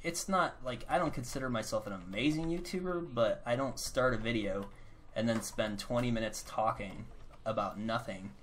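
A man chatting loosely over a game at his desk, rambling and poking fun at himself, with a mid-pitched voice. Keys clatter quietly in the background, under a faint hiss. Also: moderate pace. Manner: rambling, self-mocking, breaks into silly voices. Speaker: gaming channel host. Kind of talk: casual gameplay chat.

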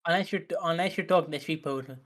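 High-voiced rambling man. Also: fast. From Britain. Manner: rambling, giggly storyteller. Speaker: podcast co-host. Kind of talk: casual chat.

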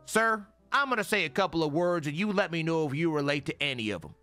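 Excitable high-voiced male streamer. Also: fast talker, few pauses, soft background music. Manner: excitable, profane, laughing often. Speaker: gaming streamer. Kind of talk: casual gameplay commentary.

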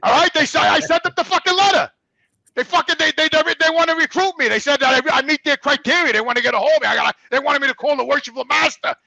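A man's voice: very high-pitched, fast talker, vocal fry, pushed and bright, no echo, low-quality recording. A middle-aged man, a truck driver, telling long blunt stories with constant swearing in a rambling, casual way. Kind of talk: casual storytelling.

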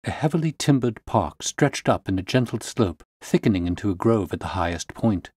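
A man reading a classic detective story aloud in a measured, calm narration. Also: fairly low pitch, breathy edge, no echo, studio quality.

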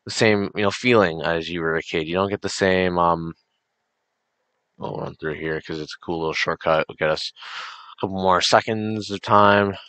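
Low-voiced teen gamer, dry mic. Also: male voice, steady tone, moderate pace, fairly bright tone, no echo. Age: late teens. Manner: rambling, enthusiastic, many restarts and fillers. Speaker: gaming channel host. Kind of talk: casual let's-play commentary.

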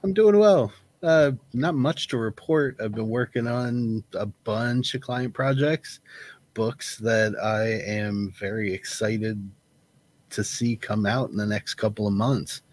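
A man's voice: fairly low pitch, takes it slowly, a little mellow, dry recording. Chill blunt guy on a podcast, dry jokes, dead-dry room sound. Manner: laid-back, blunt, dry humor. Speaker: podcast co-host. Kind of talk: casual podcast chat.

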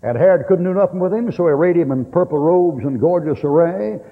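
A man's voice: fairly high pitch, fairly quick. A middle-aged man preaching a sermon in a blunt, folksy way, cracking jokes as he goes. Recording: old tape, tinny and echoey hall.

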